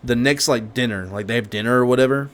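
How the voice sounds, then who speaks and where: A man co-hosting a casual chat, recapping a movie in a rambling, animated way with lots of restarts and slang. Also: medium pitch, fast. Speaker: co-host.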